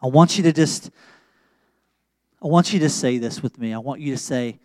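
A man preaching a sermon in a casual, slangy storytelling way, swinging between loud emphasis and quiet, intimate moments. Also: mid-range voice, moderate pace, long pauses, no echo. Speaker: pastor.

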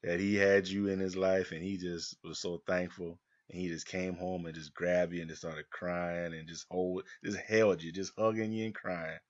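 A man co-hosting a casual chat, cracking crude jokes and laughing loudly. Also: sits low, flat delivery, moderate pace, hardly any pauses. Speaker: podcast co-host. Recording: dull lo-fi sound.

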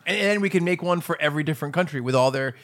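A man on a comedy podcast, confidently pitching silly inventions in an improvised bit, restarting his sentences as he goes. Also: rapid-fire, fairly bright tone. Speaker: podcast co-host.

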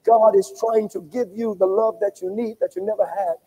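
Fervent high-voiced preaching pastor. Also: male voice, steady tone, moderate pace, few pauses, slightly rough, muffled recording. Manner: fervent, repetitive preaching cadence, swings from shouting to hushed. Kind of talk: impassioned sermon prayer.

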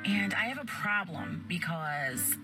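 A woman in her forties speaks in a lively, swooping voice, musing on her own single life in a rambling, self-deprecating way. Her voice sits over loud background music in a played clip. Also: fairly low pitch, unhurried. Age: 40s. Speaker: woman posting a video about dating. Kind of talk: confessional monologue to camera.

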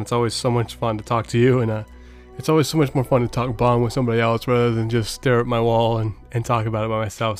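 A man's voice: mid-range voice, clear, resonant tone, no room sound, clean studio sound. American man hosting a laid-back podcast. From United States. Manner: animated, laughs often, stammers at starts. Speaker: podcast host. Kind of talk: casual chat.

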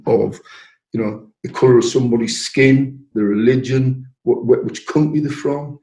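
A man's voice: mid-range voice, moderate pace, dark tone. An older man, a former miner and trade unionist, telling stories in an interview, repeating words and acting out quotes. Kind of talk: storytelling in an interview. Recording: echoey room.

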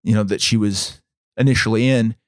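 Podcast co-host, male, low voice, measured dramatic storyteller, dry close sound. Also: steady tone, no echo. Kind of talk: storytelling in casual chat.

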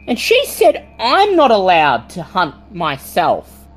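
A woman's voice: on the low side, wildly swooping pitch, slow, soft background music, voice pushed up, heavily acted. A woman voicing an eerie little girl of about seven who talks in a playful sing-song. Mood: curious.

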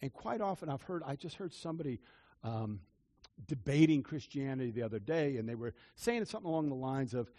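An older man preaching a personal testimony, earnest and repetitive, swinging between loud declarations and hushed confessions. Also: medium pitch, animated, fairly quick. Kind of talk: testimony-style sermon.

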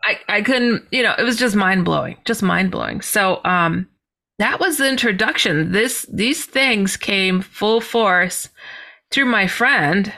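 A woman guest in an interview telling a story in an animated way, acting out the voices she quotes. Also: mid-range voice, unhurried, vocal fry. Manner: animated, acts out quoted voices, many fillers. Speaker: podcast guest.

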